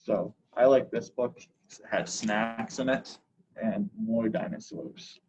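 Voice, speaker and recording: A man reading picture books aloud at a library story time, slow and unhurried, adding short comments of his own. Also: lowish voice, steady tone, a little mellow, slightly rough, highs cut off.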